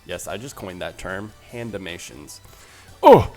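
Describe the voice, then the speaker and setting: Animated man doing game commentary. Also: low voice, measured pace, soft background music. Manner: playful, animated, joking. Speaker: let's play host. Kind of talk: gameplay commentary.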